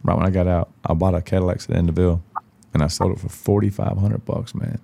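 A man's voice: low-pitched, level tone, fast talker, vocal fry, dark tone, slightly rough. A man, a podcast guest telling stories in a blunt, profane, casual way. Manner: profane, blunt, acts out quoted dialogue. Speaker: podcast guest, country singer. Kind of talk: casual storytelling chat.

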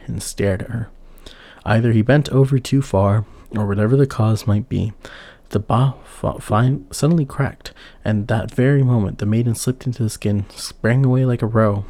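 Brief: male storybook narrator, steady pace, dark gravelly tone. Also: lowish voice, no echo. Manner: steady, unhurried reading of an old tale.

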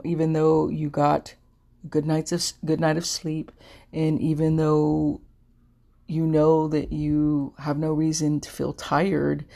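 A woman's voice: deep voice, creaky, a little mellow. A middle-aged woman hosting a podcast, talking earnestly in a casual way, often repeating herself with fillers. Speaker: podcast host. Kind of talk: casual informational podcast talk.

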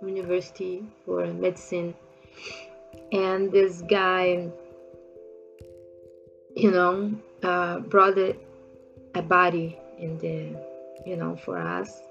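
Slow, gravelly woman recalling the past. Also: on the low side, dull audio. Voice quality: non-native English phrasing. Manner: halting, with frequent pauses and fillers. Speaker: storyteller. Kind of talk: personal recollection told casually.

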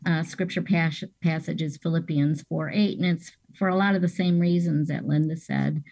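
Earnest woman with a lowish, dry voice. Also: fairly even intonation, moderate pace, darkish tone, dry recording. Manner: earnest, enthusiastic. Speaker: guest, seminary staff member. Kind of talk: casual interview talk.

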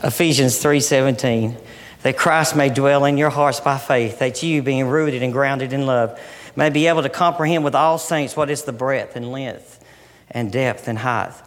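A middle-aged man preaching a sermon with passion, swinging from loud emphatic lines down to soft, hushed ones. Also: mid-range voice, normal speed. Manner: impassioned, rising and falling between loud emphasis and soft near-whispers. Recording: long hall reverb.

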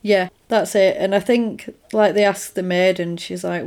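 A woman's voice: medium pitch, fairly even intonation, unhurried, darkish tone. A woman chatting casually as a podcast co-host, retelling a film plot and acting out the characters' lines. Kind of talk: casual film recap chat.

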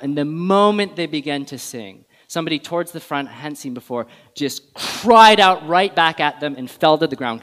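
A man preaching a sermon in a church, animated and conversational, putting questions to the congregation. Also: on the high side. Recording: long reverb of a large hall.

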